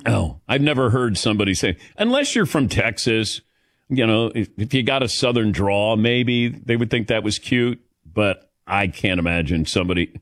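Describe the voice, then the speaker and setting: A middle-aged man from the Midwest hosts sports talk radio with an animated, swinging delivery. He tells stories and banters with his co-hosts, laughing easily. The sound is dry and close. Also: on the low side, moderate pace, dry recording. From American Midwest. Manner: chatty storyteller, laughs easily, calls on co-hosts by name. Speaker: radio show host.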